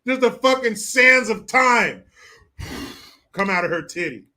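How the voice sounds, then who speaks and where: A man's voice: sits high, lively intonation, slow pace, bright, forceful tone. A man hosting casual commentary, crude and mocking, laughing often. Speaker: streamer host.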